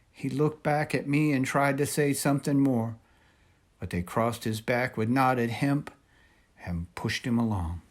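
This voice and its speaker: Husky male reader for a children's book, expressive, mid-range pitch. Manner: measured, expressive narration. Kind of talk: storybook read-aloud.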